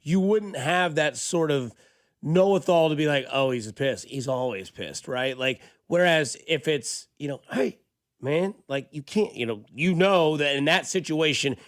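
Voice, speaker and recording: A man's voice: a little high, dry recording. Man hosting sports talk radio, dry studio. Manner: conversational, animated when imitating a yelling dad. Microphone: studio microphone.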